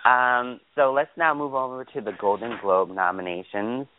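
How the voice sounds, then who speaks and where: A man's voice: mid-range voice, fairly even intonation, normal speed, slight background noise. A man hosting a podcast, chatting casually and gossiping in an exclamatory way. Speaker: podcast host. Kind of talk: casual chat. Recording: phone-like call audio.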